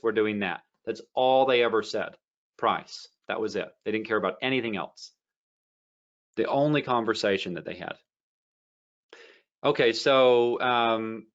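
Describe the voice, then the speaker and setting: A man's voice: on the low side, muffled recording. A man giving a casual trading lesson, rambling through stories with many fillers and restarts. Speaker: trading educator. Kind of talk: casual teaching talk.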